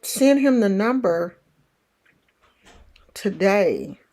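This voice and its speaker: A woman's voice: medium pitch, sing-song, extremely slow, warm tone. A middle-aged woman with a California country twang, chatting casually and rambling as a livestream host. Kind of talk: casual chat.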